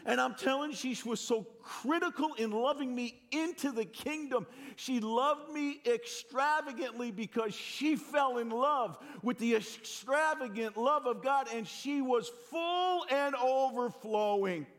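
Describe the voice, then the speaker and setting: Speaking at a measured pace with hardly any pauses, a very high-pitched pastor in his sixties gives a sermon. He has a Northeastern US accent, tells animated, self-deprecating anecdotes, and frequently begins again mid-thought.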